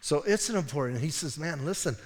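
A man with a fairly high voice preaches a sermon, talking to the congregation like a friend, restarting sentences and tossing in dry asides. His voice rings with a long reverb that trails off through a church hall. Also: animated, fairly quick. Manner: conversational, self-interrupting preaching with wry asides. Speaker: pastor. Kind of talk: expository sermon.

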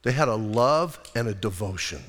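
Animated preaching man in a reverberant hall. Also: fairly low pitch, normal speed. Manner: animated, conversational preaching with acted-out quotes. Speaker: pastor. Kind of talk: sermon.

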